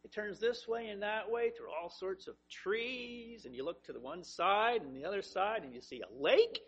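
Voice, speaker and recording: A man preaching a sermon, telling vivid stories that swing between hushed and emphatic. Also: high-pitched, animated, moderate pace, slightly rough, dull audio. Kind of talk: sermon, Bible teaching.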